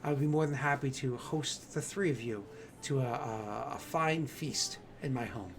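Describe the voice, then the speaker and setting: A man voicing a young woman farm leader who speaks in a formal, gracious and slow manner. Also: mid-range voice, noisy background, lightly acted.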